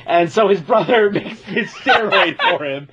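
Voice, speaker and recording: Give me an excited man with a high voice telling a funny scene, lo-fi sound. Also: unhurried, heavy background noise. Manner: excited storyteller, stuttering starts. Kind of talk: casual chat about anime.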